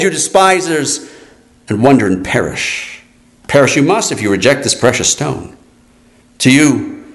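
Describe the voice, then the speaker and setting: A man preaching a sermon in a solemn, declaiming way, his voice rising and falling. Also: medium pitch. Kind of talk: sermon reading.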